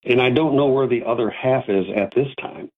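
A man, an antiques dealer, telling a folksy story with animated asides and a husky voice. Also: medium pitch, brisk. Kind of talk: casual storytelling. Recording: tinny phone-like audio.

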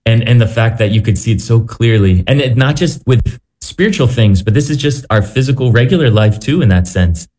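A man, a priest, responding gently and reflectively, often pausing to find his words. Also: medium pitch, lively intonation. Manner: gentle, halting, searching for words. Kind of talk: reflective commentary.

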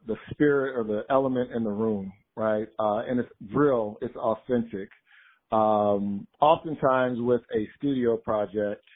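A man who directs gospel choirs, speaking as an interview guest in a relaxed, reflective way and often checking in with "right?". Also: mid-range voice, breathy edge. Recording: tinny phone-like line.

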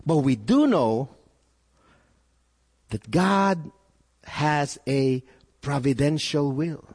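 A male pastor preaching a sermon, with animated delivery, sudden rises in pitch and frequent repeated words. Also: extremely slow, big-room sound.

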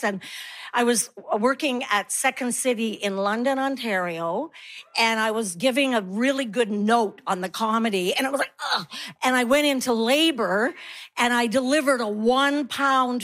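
A woman's voice: on the high side, fairly bright tone. A woman in her sixties doing a stand-up comedy set, telling wry stories and acting out the people in them. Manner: wry storytelling, acts out quoted voices.

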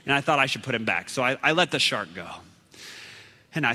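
A man preaching a storytelling sermon, animated and dramatic, with sudden shouts. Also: medium pitch, a little fast, in a large hall.

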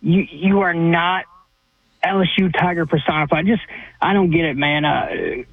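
A male caller whose voice is fairly high, heard through a thin, dry telephone line. He is brusque and dismissive as he makes his case. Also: moderate pace, vocal fry, no echo. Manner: blunt, dismissive. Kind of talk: call-in sports talk radio. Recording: tinny phone line, dry.

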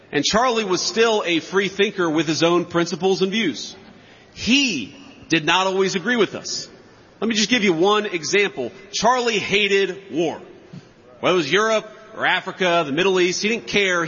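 A man's voice: high voice, bright, forceful tone, husky. Mocking man giving a rally speech. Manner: mocking and emphatic, with sarcastic asides. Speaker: political speaker. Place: large event hall. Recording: lo-fi, long hall reverb.

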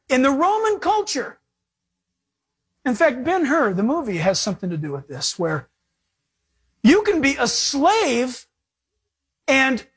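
Husky, animated male preacher. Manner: animated preaching with sudden swings in pitch and pace. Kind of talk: sermon.

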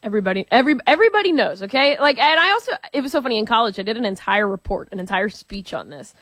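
A young woman co-hosting a sports radio show, telling stories in a quick, animated way. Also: on the high side, no echo. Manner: fast, laughing, animated storytelling. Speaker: radio co-host. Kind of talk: casual sports talk.

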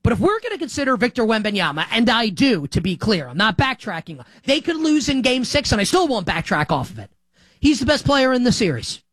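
A man hosting a sports opinion show, talking in an animated, sarcastic way. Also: very high voice, fairly quick, no echo. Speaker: sports talk host.

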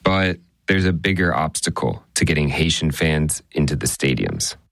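A male radio reporter narrating a news story in a measured, conversational way. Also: very deep voice, animated, vocal fry, a bit bright, no echo, studio quality.

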